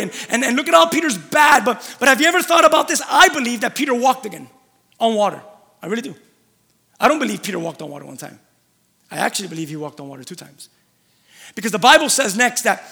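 A man preaching a sermon in a church, telling stories with animated energy, often restarting phrases and dropping to a quiet, low voice. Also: big-room sound.

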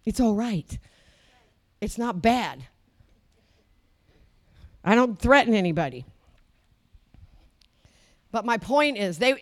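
An older woman from the United States preaching a fervent sermon, swinging between loud declarations and low, murmured asides.

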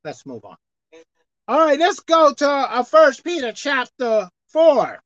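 A woman pastor delivers a sermon in a high, animated voice that leaps between soft muttered asides and shouted calls to repent. She reads scripture slowly and deliberately. The recording is dry and a little dull. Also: no echo. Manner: swings between low asides and loud shouted exhortation.

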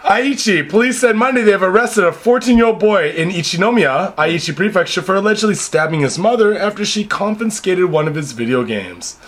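A man's voice: high-pitched, animated, fairly quick, few pauses, fairly bright tone. A man co-hosting a crude, joking podcast, reading news headlines aloud and riffing on them. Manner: crude, joking, reads headlines then riffs. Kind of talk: casual comedic podcast chat. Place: Japan.

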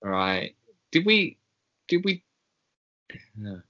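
A man co-hosting a podcast in casual chat, slow and hesitant with many ums and pauses. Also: on the low side, sing-song, bright, forceful tone, muffled recording. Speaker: podcast co-host.

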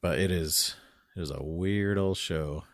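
A middle-aged man with a low voice chats on a casual podcast. He is easygoing and quick to laugh and joke. The recording is dry and close. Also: dry recording. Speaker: podcast co-host. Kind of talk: casual chat.

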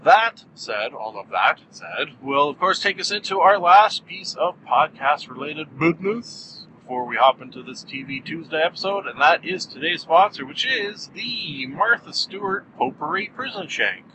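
A man rambles through his own podcast intro in a bright, forceful voice pitched a little high. He is goofy and self-mocking, breaking into loud exclamations. A faint hiss sits behind him. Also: animated, moderate pace, few pauses, low-quality recording. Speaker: podcast host. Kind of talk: casual solo podcast monologue.

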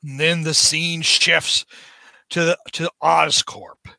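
Bright, gushing male comics podcaster. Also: fairly high pitch, little pitch movement, slow pace, creaky, no echo. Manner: gushing, acts out villain lines with relish. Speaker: podcast host reviewing comics. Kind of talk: enthusiastic casual comic review chat.

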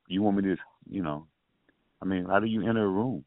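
Low-voiced man on a tinny phone line. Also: quick pace, no echo. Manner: insistent, repeats himself often. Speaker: chatline caller. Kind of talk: heated phone argument.

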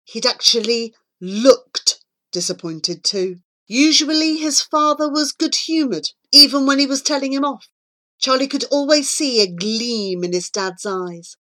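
A woman reading a children's novel aloud as narrator with expressive, measured storybook narration. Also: high-pitched. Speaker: audiobook reader.

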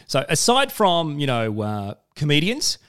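A man's voice: on the high side, wildly swooping pitch, measured pace, a bit bright, clear, resonant tone. A man hosting a conversational interview, earnestly building his points at length. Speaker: host, interviewer.

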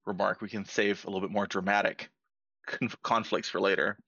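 A young man playing a tabletop role-play game, hesitant and clearing his throat. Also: lowish voice, little pitch movement, fairly quick, sharp tone, no room sound. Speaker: player. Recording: dull lo-fi dry mic.

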